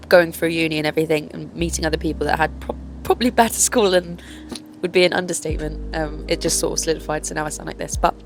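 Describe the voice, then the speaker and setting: A young woman from Northern Ireland and Kent, chatting casually to camera in a rambling way and swearing freely. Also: lowish voice. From born in Northern Ireland, grew up in Kent, England. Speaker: vlogger.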